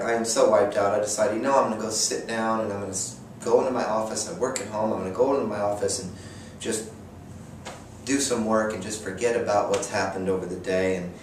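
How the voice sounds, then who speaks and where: A man telling a comic story in a vlog, in an exasperated voice with deadpan sarcasm. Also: on the low side, slight background noise. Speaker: vlogger. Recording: echoey room, distant mic, faint ambience.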